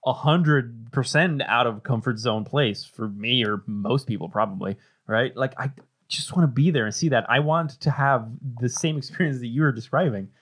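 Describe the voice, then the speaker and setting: Man, casual chat, blunt, heavy swearing, excitable, joking. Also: medium pitch, normal speed, slightly rough. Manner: blunt, profane, excitable, jokes around.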